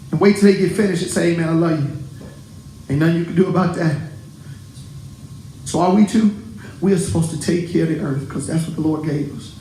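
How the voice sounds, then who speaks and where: A male pastor preaching a sermon to his congregation, animated and laughing often as he talks. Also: sits high, roomy sound, a little hiss or hum, poor audio. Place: church sanctuary.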